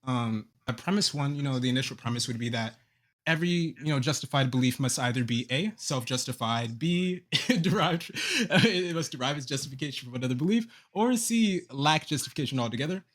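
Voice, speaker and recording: Fast-talking man reciting premises. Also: medium pitch, expressive. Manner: mock-polite, reads premises aloud with laughs. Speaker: debater. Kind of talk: online debate, reciting a formal argument.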